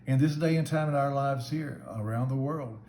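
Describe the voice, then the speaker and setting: A man's voice: medium pitch, normal speed, a little mellow. A man giving a short devotional Bible talk as a church minister, speaking in an earnest, conversational way. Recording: echoey room with faint background hum.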